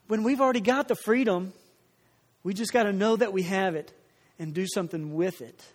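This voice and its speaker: A man with a notably high voice delivers a sermon to his congregation. He is earnest, circling back to key phrases and putting questions to the room. His voice rings out with a long reverberation in the church hall. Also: a little fast. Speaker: pastor.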